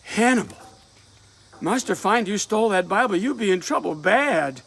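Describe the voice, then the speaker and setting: A man's voice: a little high, lively intonation, unhurried, vocal fry, a bit bright, heavily acted. A man voicing an anxious young woman who scolds and fears for her sweetheart, in a dramatic reading of a play with rural dialect. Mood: urgent, scolding.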